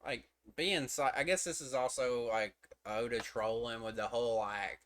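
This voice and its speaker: A man's voice: mid-range voice, moderate pace, fairly bright tone. A man rambling through a casual, profane comic review from his room, full of fillers and restarts. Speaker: manga chapter reviewer. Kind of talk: casual streamed commentary.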